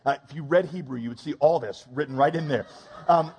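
A man preaching a sermon, reading scripture and adding quick comic asides. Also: fairly high pitch, darkish tone, breathy edge, long reverb tail. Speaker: pastor.

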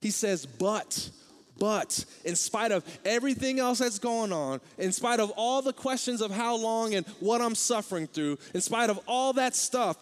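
A young man preaching a sermon as pastor, talking in a candid, conversational way and growing animated. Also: sits high, a little slow, big-room sound.

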